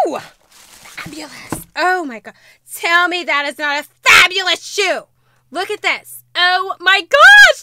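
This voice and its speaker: A bubbly woman vlogger with a high, bright, sharp voice that swoops all over the place. She chats casually and jokes at herself, breaking into gushing, excited exclamations. The sound is close and dry. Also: dry recording. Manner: chatty and self-joking between exclamations. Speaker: vlogger host. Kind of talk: casual haul video chat.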